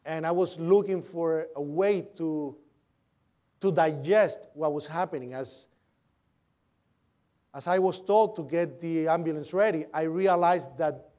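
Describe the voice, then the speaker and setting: A man's voice: on the high side, a little slow, pauses often, mellow. A man giving an eyewitness account as vivid storytelling, imitating the sounds and voices he heard. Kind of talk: recounting a personal account.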